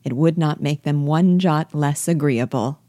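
A woman reading aloud, voicing a good-natured young gentleman who speaks earnestly and kindly. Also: low-pitched, unhurried, dry recording, studio quality. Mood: friendly. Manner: warm-hearted, earnest, easygoing.

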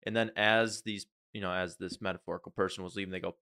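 A man's voice: sits low, fairly even intonation, fast, sharp tone, no room sound, clean studio sound. A man co-hosting a casual podcast, joking around and slipping into mock voices for the people he talks about. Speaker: podcast co-host. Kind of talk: casual chat.

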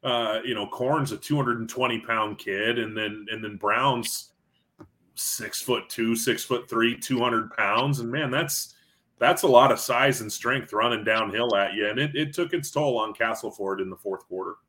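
Podcast co-host, male, bright forceful voice, animated sports storyteller. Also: medium pitch, measured pace. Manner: animated storyteller who acts out quotes. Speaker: podcast co-host covering high school football. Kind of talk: casual sports podcast chat.

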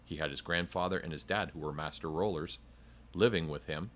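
A man's voice: deep voice, brisk, a bit bright. A man who is a cigar company sales rep, explaining in detail in a playful, casual podcast chat.

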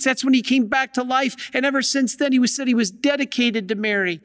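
High-voiced preaching priest, reverberant hall. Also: male voice, steady tone, a little fast, fairly bright tone. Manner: emphatic storytelling with rhetorical questions. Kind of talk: sermon.

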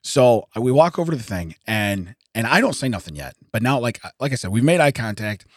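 Hoarse man telling an animated story. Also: medium pitch, brisk, no echo, clean studio sound. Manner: animated, laughs often, acts out the people he quotes. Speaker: podcast co-host. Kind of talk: casual chat, telling a story. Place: podcast studio.

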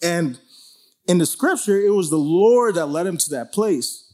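A man teaching through a Bible passage in a relaxed, conversational way, with lots of "like" and "you know". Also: sits high, measured pace. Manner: conversational, full of "like" and "you know", acts out quotes.

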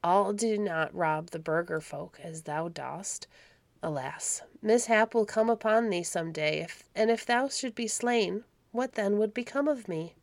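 A woman voicing a gentle young noble wife who pleads softly with her husband, in a storybook reading. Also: medium pitch, unhurried, creaky, no echo. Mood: worried. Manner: soft, imploring.

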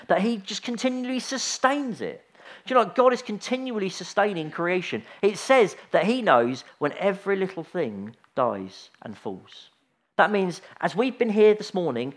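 A middle-aged man giving an informal sermon, chatty and anecdotal, with frequent restarts and asides. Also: sits high. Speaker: preacher.

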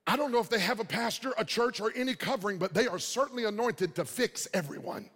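A man preaching a lively sermon in a high, husky voice. He swings from shouted peaks down to near-whispered asides. A long reverb trails behind him, as in a large church hall. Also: fast talker. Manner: dynamic, swings from loud shouting to quiet murmurs. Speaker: pastor.

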